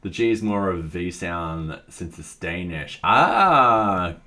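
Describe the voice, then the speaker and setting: A man with an Australian accent codes on a live stream, thinking aloud, reading chat messages, and chatting casually with a self-deprecating streak. His low voice is steady in tone and unhurried.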